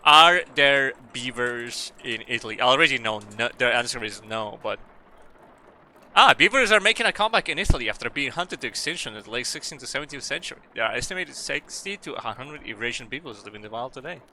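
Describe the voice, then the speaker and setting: A man's voice: mid-range voice, animated, fairly quick, background noise. A man streaming a game who chats casually, rambles, jokes and swears. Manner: profane, rambling, joking. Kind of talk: casual gaming stream chat.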